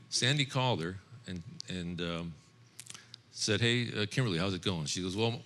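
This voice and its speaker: Deep-voiced man telling a testimony. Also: sharp tone. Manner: earnest, storytelling, quoting others in his own voice, occasional laughs. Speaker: speaker at a men's Bible study. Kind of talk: storytelling testimony to a men's group.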